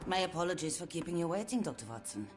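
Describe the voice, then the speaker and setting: An actress playing a courteous but menacing asylum director with smooth, formal speech. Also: female voice, fairly low pitch, sing-song, fast talker. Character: silky, sinister asylum director. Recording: game music underneath.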